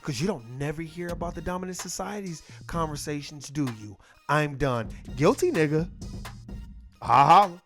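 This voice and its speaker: A middle-aged man talking casually to camera in a blunt, profane, animated way. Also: a little high, moderate pace, few pauses, soft background music.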